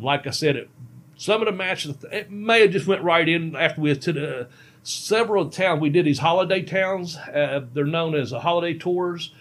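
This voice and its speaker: A former pro wrestler telling rambling, folksy road stories in casual chat, chuckling at himself. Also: male voice, fairly high pitch, a bit bright. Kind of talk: casual storytelling on a podcast.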